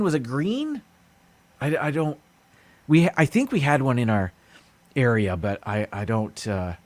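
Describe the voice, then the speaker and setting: A man's voice: medium pitch, no echo. A man hosting a casual solo livestream, rambling and hesitant with many fillers. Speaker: livestream host.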